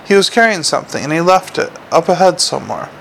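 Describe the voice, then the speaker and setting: Male reader voicing a nervous dwarf watchman: clever, fretful, slightly raised and gravelly. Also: fairly high pitch, big pitch swings, a bit bright, slight background noise, heavily acted, rough recording. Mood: uneasy. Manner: quick, fretful questions.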